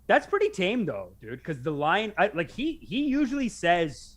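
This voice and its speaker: A young man co-hosting a casual podcast, talking in an animated, profane way and acting out shouted tirades. His voice sits a little high and swings widely in pitch. The talk is loose banter. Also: normal speed. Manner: animated, swearing, mimics yelling. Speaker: podcast co-host.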